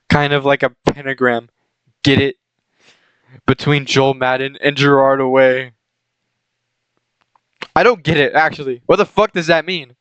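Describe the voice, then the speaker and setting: A man's voice: medium pitch, fairly bright tone, clear, resonant tone, no room sound, poor audio. A young man who reads a fan fiction aloud as a comedy bit. He keeps breaking into giggles, stumbles over words and corrects himself. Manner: stumbles and corrects his reading. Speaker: channel host reading fan fiction. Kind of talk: comedic reading aloud with commentary.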